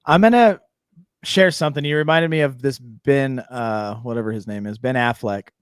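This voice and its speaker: A man's voice: mid-range voice, normal speed, clear, resonant tone, no echo. Man, host, casual talk, plainspoken, dry close-miked voice. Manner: plainspoken and earnest, drops into street grammar. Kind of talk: casual show chat.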